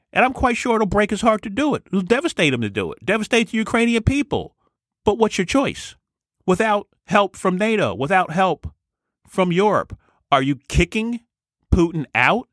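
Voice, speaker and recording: A man's voice: high-pitched, very animated, moderate pace, a bit bright, no echo, clean studio sound. A man giving an opinion commentary monologue as a vlogger, talking emphatically and repeating his key points.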